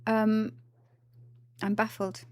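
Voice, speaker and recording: Slow-talking woman streamer. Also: mid-range voice, level tone, no echo. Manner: chatty and giggly, greeting viewers. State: tired after the gym. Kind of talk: casual livestream chat.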